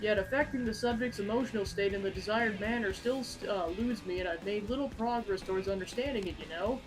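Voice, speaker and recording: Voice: mid-range voice, fast, over music, close to an everyday voice, poor audio. A gamer voicing a formal, odd male alien researcher while reading game dialogue aloud, ending statements with tag questions. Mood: puzzled. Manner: stilted, tacks questions onto statements.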